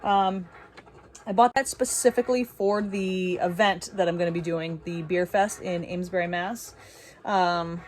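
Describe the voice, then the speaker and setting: A woman's voice: lowish voice, steady tone, a little slow, a little hiss or hum. Chatty young woman vlogging from her shop. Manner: chatty, upbeat, laughs at herself. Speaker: woodworker and small business owner. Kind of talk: casual vlog talk to camera. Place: small woodworking shop.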